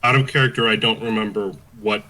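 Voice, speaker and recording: A man's voice: lowish voice, steady tone, fast talker, pushed and bright, low-quality recording. A man playing in a tabletop role-playing game, giving playful in-character replies. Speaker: player. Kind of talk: casual tabletop game play.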